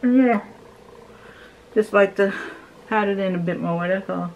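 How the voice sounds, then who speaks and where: A woman's voice: mid-range voice, unhurried, a little mellow, highs cut off, slight background noise. A young adult woman chatting enthusiastically as she shows her morning skincare routine at home. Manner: chatty, enthusiastic, talks while doing the steps. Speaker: beauty vlogger. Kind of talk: casual skincare routine demo.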